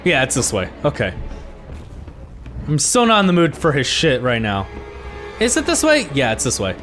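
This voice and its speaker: A man giving let's play commentary as a gaming host, frustrated, swearing constantly and yelling at the game. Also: medium pitch, huge pitch swings, moderate pace, soft background music. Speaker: gaming YouTuber.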